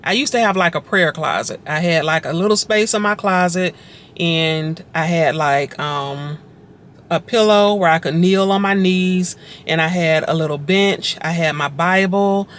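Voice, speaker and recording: A woman's voice: fairly low pitch, unhurried. Earnest woman telling her faith story. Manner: earnest, conversational, reflective; repeats phrases for emphasis, fills with "like". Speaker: vlogger sharing her testimony.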